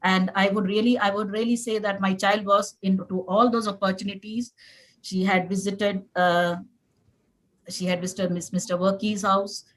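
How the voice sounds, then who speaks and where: A woman in her forties, a parent on a conference panel, talking in an earnest, halting way with some emotion. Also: mid-range voice, little pitch movement, poor audio. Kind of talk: panel discussion sharing.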